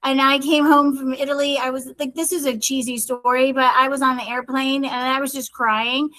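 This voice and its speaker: A woman's voice: high-pitched, little pitch movement, normal speed, pushed and bright, rough recording. A middle-aged woman co-hosting a podcast, rambling cheerfully through a personal story in casual chat. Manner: chatty, rambling storyteller, often addresses her brother. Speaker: podcast co-host.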